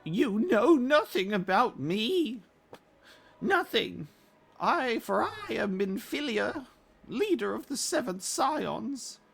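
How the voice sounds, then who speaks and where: A man voicing a solemn young woman who leads a secret order, reading her lines slowly and proudly. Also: extremely high pitch, big pitch swings, vocal fry, fairly bright tone, husky, pitched above the performer's own voice, heavily acted. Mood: haughty.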